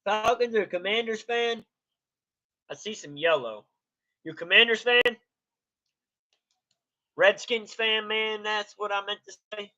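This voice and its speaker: Male streamer, laid-back, high bright voice, greets chat by name, lo-fi stream sound. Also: a little slow, long pauses. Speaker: live stream host. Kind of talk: casual live reaction stream. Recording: dull lo-fi stream audio.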